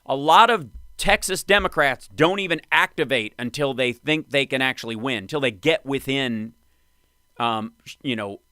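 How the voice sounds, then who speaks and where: A man hosting a live stream, reacting to clips with wry, excitable commentary. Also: medium pitch, moderate pace, smooth, no room sound, studio quality. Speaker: host.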